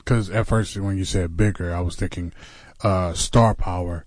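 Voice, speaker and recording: A man hosts a casual talk show in a fairly low voice, dropping fillers as he goes. He jokes easily with his guests. The sound is dry and close. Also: moderate pace, no echo. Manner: relaxed, joking, hesitant with many fillers. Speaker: podcast host. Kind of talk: casual chat.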